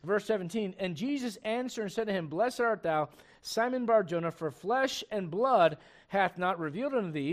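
A man preaching a sermon as pastor, with animated, loud emphasis and scripture read aloud. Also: sits high, moderate pace.

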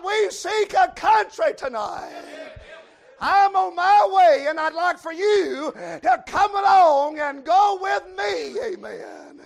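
A middle-aged man preaching a revival sermon, shouting with cries of praise. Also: very high voice.

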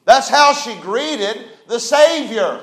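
High-voiced preacher. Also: male voice, lively intonation, slow pace, reverberant. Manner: folksy, emphatic, rising to shouts. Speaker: pastor. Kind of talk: sermon.

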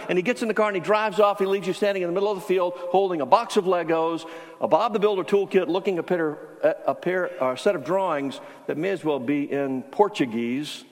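Storytelling pastor in a reverberant hall. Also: male voice, high voice, a little fast. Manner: conversational storytelling, frequent restarts. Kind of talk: sermon. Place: church sanctuary.

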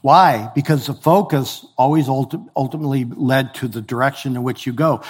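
A man's voice: mid-range voice, fairly quick. An older man preaching a sermon in a conversational way, often acting out the voices of people he quotes. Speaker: pastor.

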